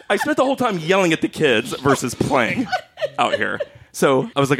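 A man's voice: medium pitch, sing-song, brisk, vocal fry, a bit bright. A man telling a funny story in casual chat, acting out quotes and laughing often.

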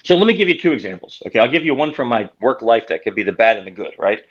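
A man's voice: mid-range voice, sing-song, quick pace, slightly rough, lo-fi sound. A man being interviewed as a guest author, explaining his work through stories and quoted examples. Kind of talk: conversational interview.

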